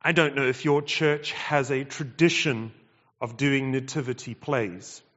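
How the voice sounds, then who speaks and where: A man preaching a sermon, emphatic and measured, repeating phrases and pausing between them. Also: medium pitch, steady tone, fairly bright tone. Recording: dull sound with long hall reverb.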